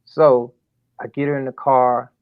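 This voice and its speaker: A man's voice: mid-range voice, measured pace, clear, resonant tone, dry recording, narrow, tinny audio. A man telling a personal story as a father, acting out the conversations and rising sharply in disbelief. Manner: animated retelling that acts out dialogue, voice rising sharply in disbelief. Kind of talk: emotional storytelling interview.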